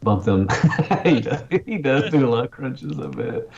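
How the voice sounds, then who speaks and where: A man co-hosting a podcast in casual banter, animated and playfully defensive with his friends. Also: mid-range voice, measured pace, creaky, highs cut off. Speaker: podcast co-host.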